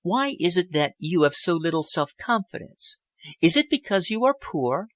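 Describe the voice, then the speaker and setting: A man voicing a poised, worldly young woman who speaks in a languid, elegant, gently persuasive way. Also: sits high, very animated, normal speed, no room sound, pitched above the performer's own voice. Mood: coaxing.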